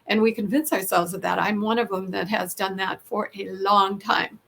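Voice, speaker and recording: A woman nurse hosts a podcast interview in an earnest, casual way. Her voice has a gravelly fry and sits at a middle pitch. She often pauses and restarts mid-sentence. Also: fairly even intonation, bright, forceful tone. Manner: earnest, many fillers and restarts.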